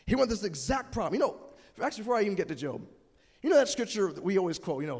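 A man preaching a sermon as pastor, building from calm explanation to emphatic shouting. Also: high voice, very fast, slightly rough, big-room sound.

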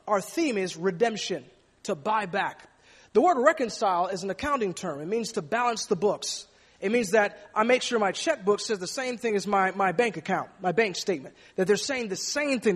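A man's voice: high voice, lively intonation, normal speed, breathy edge, long reverb tail. A man preaching a sermon in an emphatic way, often repeating words as he goes.

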